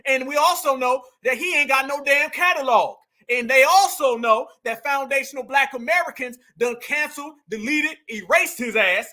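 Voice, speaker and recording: A man's voice: very high-pitched, normal speed, few pauses, bright, forceful tone. A man hosting a heated online reaction commentary, mocking as he talks to his chat.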